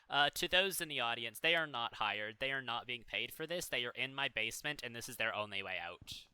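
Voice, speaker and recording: A man's voice: medium pitch, lively intonation, brisk, few pauses, sharp tone, a little hiss or hum. A young man live-streaming a game, chatting casually and joking playfully with his chat and mods.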